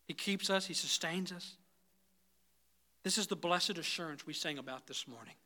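Guy preaching a sermon, kinda high and super bright, gets loud then goes quiet and pleading. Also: moderate pace. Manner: swings from loud, rising intensity to soft, low pleading; repeatedly addresses the congregation as "guys". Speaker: pastor.

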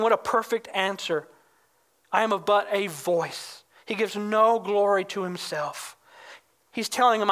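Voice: medium pitch, a bit bright. A pastor preaching a sermon in an emphatic way, often calling the listeners "guys" and acting out the quoted questions in a raised voice.

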